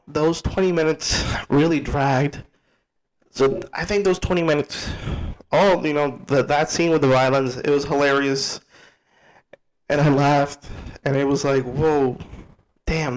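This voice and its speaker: A young man giving a casual spoken movie review, blunt and excitable, repeating words and swearing freely. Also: on the high side, poor audio.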